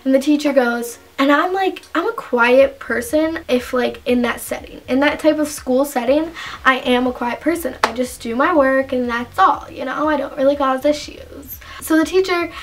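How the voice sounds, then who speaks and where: A woman's voice: high-pitched, moderate pace, a little hiss or hum. A young woman vlogger telling a rambling story in casual chat, saying "like" constantly. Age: young adult. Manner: chatty, rambling, heavy use of "like". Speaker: beauty vlogger.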